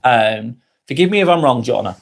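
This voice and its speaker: A man hosting a live vlog, thinking out loud in casual chat and swearing freely as he restarts his sentences. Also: medium pitch, expressive, moderate pace, vocal fry. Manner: earnest, swears freely, many restarts and trailing phrases. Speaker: live vlog host reading chat comments.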